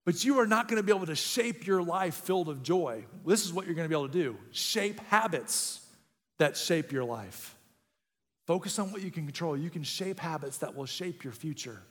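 Male pastor, high voice, energetic humorous preaching, long echo of a big hall. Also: normal speed. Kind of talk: sermon. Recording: long reverb in a large room.

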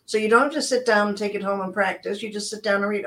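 A woman's voice: medium pitch, steady tone, fast, a bit bright. An older woman chatting and telling stories, acting out the quoted voices as a customer service trainer. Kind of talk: casual chat, storytelling.

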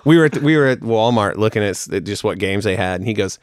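A man's voice: on the low side, animated, quick pace, few pauses, dry recording, clean studio sound. A man co-hosting a podcast, telling rambling, joking stories in casual chat. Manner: rambling, laughing anecdotes about his kids. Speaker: podcast co-host.

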